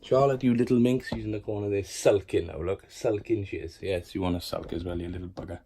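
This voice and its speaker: A man's voice: on the low side, fairly even intonation, brisk, mellow, slight background noise. A man giving a casual room-tour vlog of his tarantulas at home in his bedroom. He chats freely, swears, and coaxes and scolds his spiders as he goes. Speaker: tarantula keeper showing his collection.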